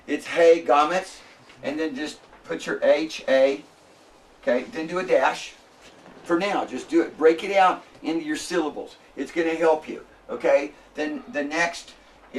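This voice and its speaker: A man lecturing a classroom, slowly spelling out sounds and checking in with his students. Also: a little high, far from the mic, slight background noise.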